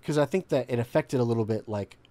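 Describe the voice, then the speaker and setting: A man co-hosting a relaxed game review chat, rambling through his points with many fillers and easy laughs. His voice sits at an ordinary middle pitch. He is recorded close and dry, with no room sound. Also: quick pace, dry recording. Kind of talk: casual chat.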